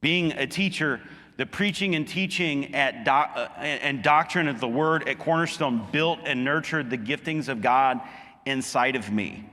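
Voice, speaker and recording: A man delivers an earnest sermon in a bright, forceful voice. He presses his points by pushing higher and louder. The sound carries a long reverb, as in a big hall. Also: measured pace. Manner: earnest preaching, rising emphatically on key points. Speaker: pastor.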